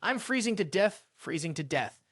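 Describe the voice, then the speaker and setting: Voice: mid-range voice, big pitch swings, moderate pace, a bit bright, no echo, studio quality. A narrator voicing a cheeky, scheming young male detective who talks in a teasing, wheedling way.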